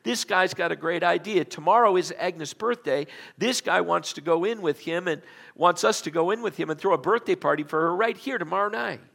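A pastor voicing a gruff, heavy-set diner cook in a sermon story, shouting with excitement. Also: male voice, on the high side, a little fast, hardly any pauses, voice pushed up. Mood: excited.

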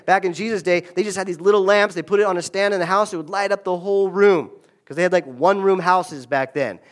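Energetic man preaching a sermon. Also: fairly high pitch. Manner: lively, conversational preaching with call-and-response. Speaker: pastor. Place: church sanctuary.

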